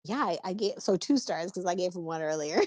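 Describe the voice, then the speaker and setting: A woman co-hosting a podcast in a casual chat, steering the talk along in a relaxed way. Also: fairly low pitch, fairly quick, no echo. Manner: relaxed, wraps up segments. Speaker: podcast co-host. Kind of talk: casual chat about a soap opera.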